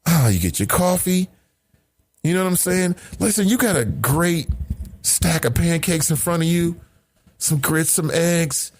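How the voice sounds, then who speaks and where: Animated, indignant man ranting. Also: on the high side, measured pace. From United States. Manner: animated, indignant, profane, rhetorical questions. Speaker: podcast host. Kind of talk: casual commentary monologue.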